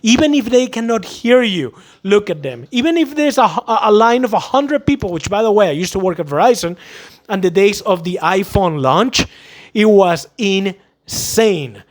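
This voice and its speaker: A man with a notably high speaking voice gives casual, emphatic advice about selling and customer service. He talks in an animated way, often slipping into little acted-out scenes to make his point. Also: normal speed. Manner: animated, acts out quotes, emphatic. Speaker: vlogger giving sales advice.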